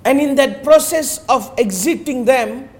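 A man teaching about meditation in an emphatic, rhetorical way. He slows down on key phrases, sometimes drops to a near-murmur, and keeps asking "you understand?". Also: very high-pitched. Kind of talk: spiritual talk.

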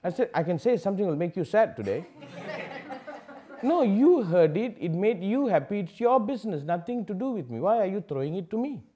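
A man giving a public spiritual talk, asking rhetorical questions and swinging from loud declarations to hushed asides. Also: sits high, sing-song, fast talker, few pauses, a faint crowd. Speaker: spiritual teacher.

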